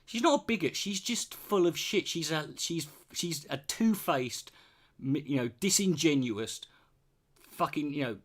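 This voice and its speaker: Fairly high-pitched and animated but keeping a measured pace, this forties-aged man from Britain rants at his chat with blunt sarcasm and heavy profanity in a British English accent.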